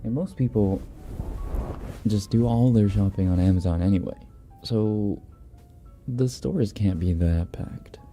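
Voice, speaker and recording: Deep, unhurried man chatting on a livestream. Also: mellow, faint music behind. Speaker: livestream host reading chat. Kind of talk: casual live chat.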